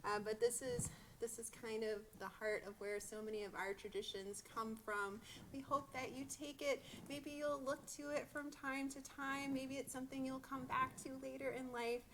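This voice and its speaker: A woman rabbi speaking at a bat mitzvah service in a synagogue sanctuary, heartfelt and halting, with many restarts. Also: high voice, steady tone, fairly bright tone. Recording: noisy livestream recording.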